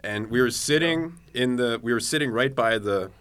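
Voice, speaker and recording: A young man, a stand-up comedian, telling stories in relaxed podcast chat with lots of "like". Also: mid-range voice, moderate pace, smooth. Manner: laid-back storyteller with frequent likes.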